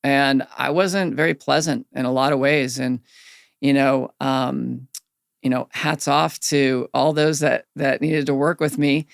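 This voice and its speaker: A middle-aged man, a guest on a podcast, candidly telling personal stories in an earnest, animated way. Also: mid-range voice, measured pace, gravelly, no room sound, clean studio sound. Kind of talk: reflective storytelling in a podcast interview.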